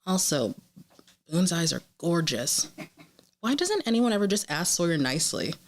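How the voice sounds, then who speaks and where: A woman co-hosting a podcast in casual chat, quick and teasing as she reads out her wry reactions. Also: fairly low pitch, very animated. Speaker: podcast co-host.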